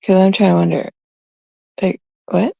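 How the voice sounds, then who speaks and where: A woman's voice: mid-range voice, steady tone, normal speed, gravelly, dark tone, slightly rough, no echo. A woman from Canada hosting her own livestream, talking in a gossipy, confiding, rambling way. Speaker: streamer, host of her own show. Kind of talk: casual livestream chat.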